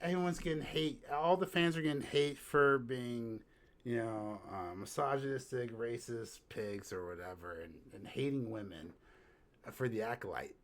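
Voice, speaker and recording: A man co-hosting a podcast in casual chat, ranting in an animated, profane way and sometimes breaking into shouts. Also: medium pitch, normal speed. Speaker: podcast co-host.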